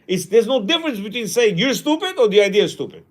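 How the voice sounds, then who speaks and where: A man's voice: high voice, sing-song, quick pace. A man teaching a class in a casual way, reading a passage aloud and then commenting, often acting out quoted lines.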